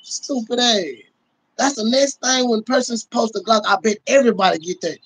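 A man on a casual livestream, ranting in a loud, profane, boisterous way and laughing often. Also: high voice, brisk, breathy edge, poor audio.

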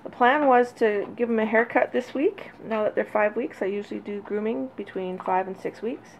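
A woman breeder talking casually and fondly while she films her puppies, now and then calling to them in a high sing-song. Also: moderate pace, creaky. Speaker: dog breeder. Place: indoors near a puppy crate. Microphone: handheld camera. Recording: dull lo-fi audio with faint noise.

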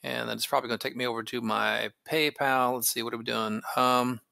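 Gravelly bright-voiced man explaining software. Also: mid-range voice, a little fast, no echo. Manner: relaxed, thinks aloud with fillers. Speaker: tech tutorial host. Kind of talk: casual screen-recording walkthrough.

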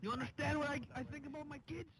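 A man playing a tough-talking gang member in an online game role-play, trash-talking and shouting threats in bursts. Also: extremely high pitch, steady tone, racing.

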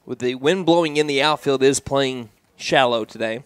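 An American man calls play-by-play baseball commentary on the radio from the booth of a hometown high school game. His middle-range voice keeps a steady, conversational pace at normal speed between pitches, then jumps sharply when a batter strikes out or gets hit. The tone is clean, with no echo.

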